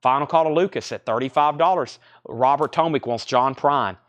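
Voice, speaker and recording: A young man hosting a live record sale, rambling casually between quick price call-outs. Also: medium pitch. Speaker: record store host running a live sale. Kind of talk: casual livestream sales patter.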